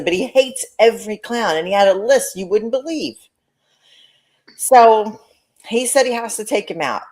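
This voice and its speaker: A woman co-hosting a chat show, talking in an animated, gossipy way and swearing freely. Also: medium pitch. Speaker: co-host. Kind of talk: casual chat.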